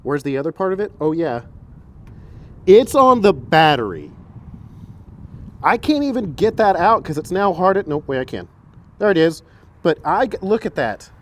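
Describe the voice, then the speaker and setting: Chatty self-mocking man, lively pitch. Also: moderate pace, pauses often. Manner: chatty, self-mocking, gets long-winded. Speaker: car repair vlogger. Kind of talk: casual how-to vlog.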